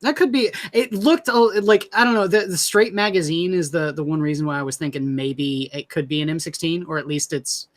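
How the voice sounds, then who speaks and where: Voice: mid-range voice, fairly quick, few pauses. A co-host chatting casually on a comics livestream, often stammering and restarting. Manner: hesitant, stammering. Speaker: podcast co-host.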